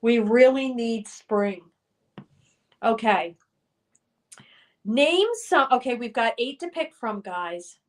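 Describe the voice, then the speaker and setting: A woman's voice: fairly high pitch, animated, slow, long pauses. A middle-aged woman hosting a livestream from home, reading viewers' chat comments aloud and running a guessing game. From Colorado. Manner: reads out chat messages and hosts a guessing game. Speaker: livestream host.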